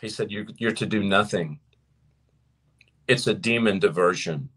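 A man preaching and teaching to his viewers as host of his show, emphatic, slowing down to stress points. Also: lowish voice, slightly rough. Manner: animated and emphatic, slows down to stress key points. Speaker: preacher hosting a live show. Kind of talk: sermon-style teaching to a live audience.

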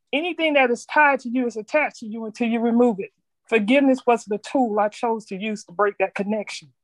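A middle-aged woman reading a personal reflection aloud to a group, earnest and measured, stumbling now and then. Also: fairly high pitch, dry recording. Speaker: speaker sharing her story.

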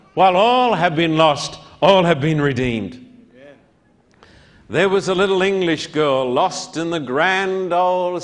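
A man from Australia, preaching a sermon slowly and emphatically with dramatic pauses. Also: high-pitched, a bit bright.

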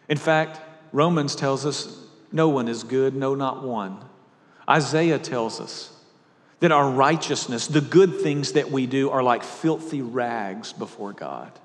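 A man preaching a sermon, swinging between loud emphatic peaks and hushed, low lines. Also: long reverb tail. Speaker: pastor. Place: church sanctuary.

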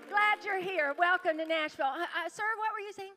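A woman's voice: very high-pitched, lively intonation, normal speed, hardly any pauses, soft background music. A woman pastor, chatty and calling out to the congregation as she welcomes visitors at a church service. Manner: chatty, warm-hearted, calls out to the crowd.

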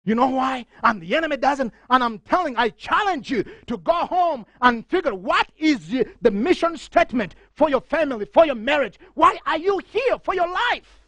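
A middle-aged man preaching a fervent sermon, reading scripture aloud and rising to near shouting. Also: extremely high pitch, animated, normal speed, hardly any pauses, no echo. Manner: reads scripture passages aloud.

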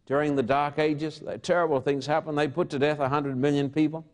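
A man in his fifties preaching a fervent sermon, often addressing his listeners as friend. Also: fairly high pitch.

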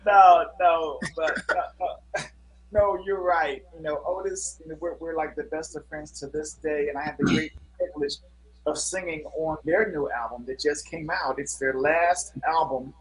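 A man's voice: a little high, steady tone, normal speed, poor audio. A middle-aged man, a guest musician, telling stories in a casual interview with an earnest manner and many fillers.

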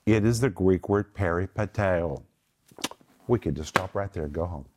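A man's voice: low-pitched, normal speed, slight background noise. A man teaching the Bible to a small discussion group, emphatic, breaking words down one at a time.

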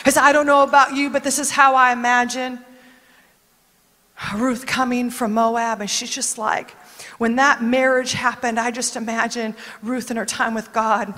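A woman preacher giving a dramatic sermon that rises to shouts. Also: fairly high pitch, flat delivery, moderate pace. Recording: long reverb in a large hall.

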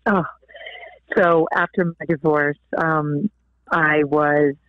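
A woman's voice: sits low, steady tone, slow pace, no echo. A woman giving an earnest personal faith testimony as a guest author, heard over a phone line. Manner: earnest, tearful at times.

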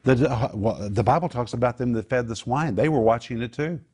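A man preaching a sermon in an animated, emphatic way, posing rhetorical questions and answering them himself. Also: medium pitch, brisk, slightly rough.

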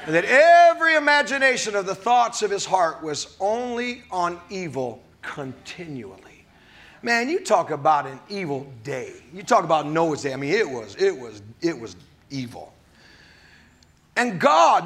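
Lively high-pitched preaching man. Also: moderate pace. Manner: exuberant, singing and shouting, then dropping to a hushed voice. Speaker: pastor. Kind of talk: sermon. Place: church service.

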